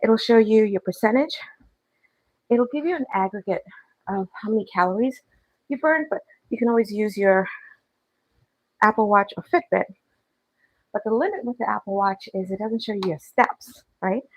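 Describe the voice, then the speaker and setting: Slightly out of breath from walking on a treadmill at home, a fitness vlogger reads and answers her livestream chat in a casual way. Her medium-pitched voice is expressive, with a moderate pace and long pauses, and the audio is poor.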